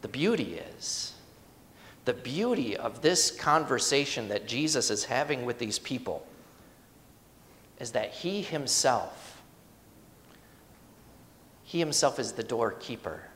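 Pastor giving a sermon, mid-pitched voice, chatty and emphatic, lots of questions to the pews, long church echo. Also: lively intonation, slow, pauses often, fairly bright tone. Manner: emphatic, rhetorical questions, conversational asides.

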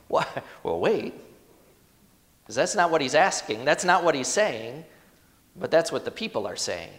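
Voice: mid-range voice, sing-song, normal speed, pauses often, in a large hall. A pastor preaching a sermon in a conversational, emphatic way, asking the congregation rhetorical questions.

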